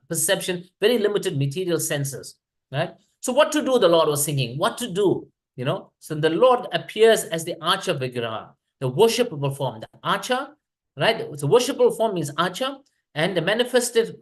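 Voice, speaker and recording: Man, high voice, temple class speaker, animated, checks in with the audience. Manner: animated, quoting verses and checking in with "right?". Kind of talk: scripture class lecture.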